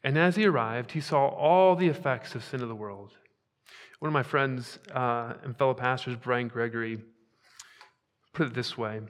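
A male pastor preaching a sermon, emphatic, swinging between hushed asides and loud, rising declarations. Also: medium pitch, moderate pace, big-room sound.

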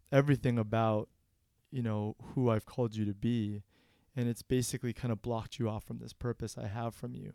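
A man earnestly discussing a sermon in a relaxed, reflective church podcast conversation. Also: medium pitch, clean tone, no room sound, clean studio sound.

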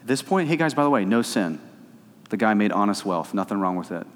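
A man's voice: on the low side, sing-song, a little fast, in a large hall. A man preaching a sermon as pastor, conversational at times and rising to fervent emphasis.

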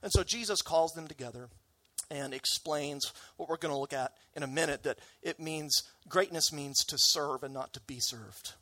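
A man preaching a sermon, lively and emphatic, asking rhetorical questions and acting out the disciples' lines. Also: on the high side, normal speed, dry recording. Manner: animated, acts out disciples' voices, rhetorical questions. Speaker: pastor.

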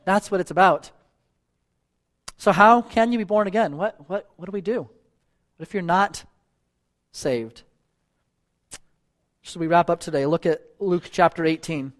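A man's voice: high-pitched, measured pace, pauses often. A man preaching a sermon as a church elder, earnest and pleading, repeating phrases for emphasis and closing in prayer. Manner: ends in a spoken prayer.

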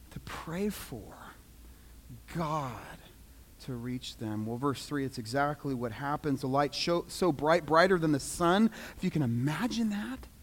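A man preaching a sermon, dramatic, swinging from loud pleading to hushed quiet. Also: a little high. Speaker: pastor. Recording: long reverb of a large hall.

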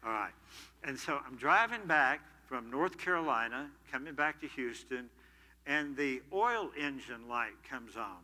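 An older man preaching a sermon, moving between loud emphatic preaching and quiet personal storytelling. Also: mid-range voice, expressive, a little slow. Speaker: pastor. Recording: long hall reverb.

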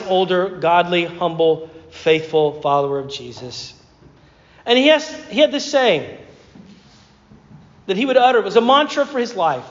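High-voiced man preaching in a reverberant hall. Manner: conversational storytelling with repeated words. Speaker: pastor. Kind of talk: sermon. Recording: muffled sound with long hall reverb.

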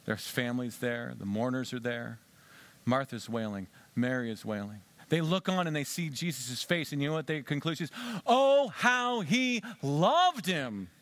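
A male preacher delivering a sermon as dramatic storytelling, swinging from hushed whispers to shouting and asking listeners direct questions. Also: medium pitch, fairly quick, no echo.

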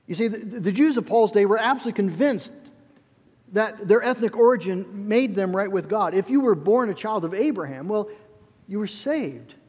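A man's voice: high-pitched, animated, normal speed, darkish tone, husky, long reverb tail. A male pastor preaching a sermon in an earnest, emphatic way, often restarting his phrases.

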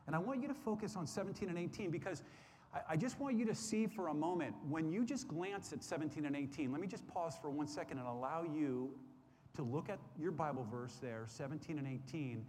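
A Sunday school teacher leads a Bible study class in a slightly mellow voice on the high side, animated and a little fast. He's earnest and repeats phrases, often restarting sentences with fillers, in a roomy hall with faint background noise.

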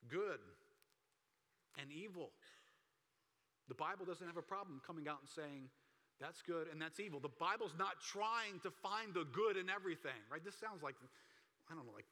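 Emphatic pastor preaching in a reverberant hall. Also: male voice, sits high. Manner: conversational, emphatic, rising to forceful peaks. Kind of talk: sermon. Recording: long reverb of a large hall.

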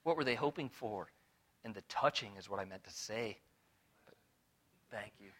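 A man preaching an expository Bible lesson to a room of listeners, animated and full of rhetorical questions. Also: lowish voice, moderate pace. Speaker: Bible teacher. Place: room with a live audience.

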